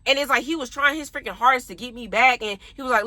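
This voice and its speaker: Bright-voiced young woman telling a story. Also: fairly high pitch, quick pace. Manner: animated, talks straight to viewers. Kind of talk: casual storytime chat.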